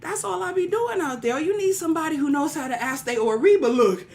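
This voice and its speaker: A woman's voice: high voice, a little fast, darkish tone. A woman leading a livestream prayer teaching, preaching in casual, colloquial speech, repeating phrases rhythmically and calling out listeners by name. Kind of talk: livestream sermon-style teaching.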